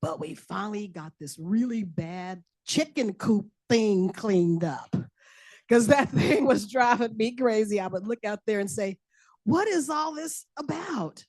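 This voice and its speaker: An older woman, a farmer and educator, introducing herself at a community meeting in a chatty way with drawn-out emphatic repeats. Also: medium pitch, a little mellow, no room sound, studio quality.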